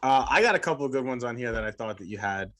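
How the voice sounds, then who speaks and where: Rambling profane podcast host. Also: male voice, mid-range voice, expressive, quick pace, a bit bright. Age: adult with kids. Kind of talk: casual chat.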